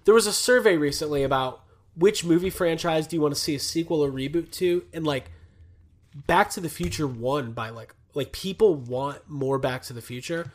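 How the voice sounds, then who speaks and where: A man's voice: on the high side, moderate pace. Joking man hosting a podcast. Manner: joking, laughs a lot. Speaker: podcast host. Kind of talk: casual chat.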